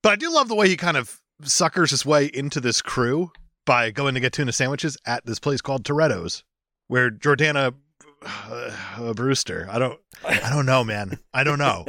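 A man with a gravelly, bright-edged voice trades sarcastic jokes as a podcast co-host. His pitch swings widely as he riffs. The sound is dry and close. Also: animated, no echo. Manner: joking, sarcastic banter with quick asides. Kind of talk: casual comedy chat.

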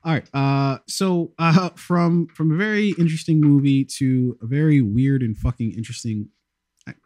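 This podcast host is a man chatting casually about films, rambling along with many ums and some swearing. His voice is medium in pitch and somewhat dark in tone, at a moderate pace.

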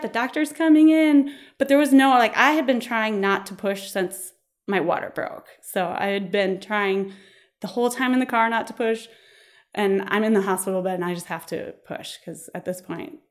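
A woman in her thirties tells a personal story in a relaxed, chatty way. Her delivery is lively, with laughter breaking in and quick impressions of other people's lines. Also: mid-range voice. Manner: animated, laughing, acts out voices of others. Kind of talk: personal birth story, casual telling.

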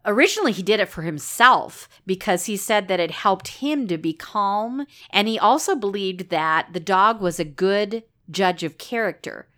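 Clear, bright-voiced woman co-hosting a podcast. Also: medium pitch, expressive, normal speed, hardly any pauses. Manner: explanatory, laughs often. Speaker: podcast co-host. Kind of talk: casual chat.

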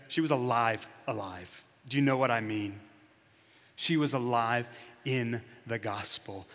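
Slow, dramatic preaching man in a reverberant hall. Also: on the high side. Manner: dramatic storytelling, acting out characters' lines, swings from hushed to loud. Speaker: pastor. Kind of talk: sermon. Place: church hall.

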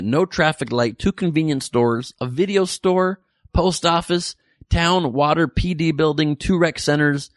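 A man's voice: medium pitch, no room sound, studio quality. A man hosting a comedic weekly news podcast, reading listener messages with jokey, irreverent asides. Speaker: podcast host.

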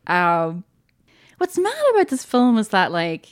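A woman with a lowish, clear, resonant voice co-hosts a podcast, chatting excitedly about a film. Her pitch swings widely while her pace stays measured, and she laughs often and uses many fillers.

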